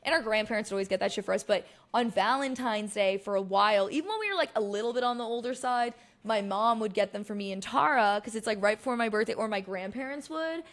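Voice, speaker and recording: Young woman podcast host, chatty and animated, laughs a lot, middle pitch. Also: quick pace, hardly any pauses. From Boston area. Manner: animated, laughs often, quotes people in put-on voices. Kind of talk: casual chat.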